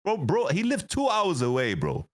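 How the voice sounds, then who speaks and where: Animated young man telling wild stories. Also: on the high side, normal speed. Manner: animated, swears, laughs often, acts out voices in quotes. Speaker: esports coach, guest. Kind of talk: casual storytelling interview.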